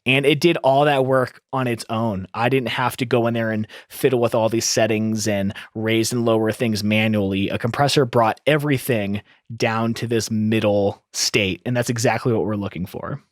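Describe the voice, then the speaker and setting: A man's voice: on the low side, fairly even intonation, normal speed, dry recording. A man hosting an audio tutorial, explaining step by step in an upbeat teaching manner into a close studio microphone. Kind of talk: screen-recorded audio tutorial.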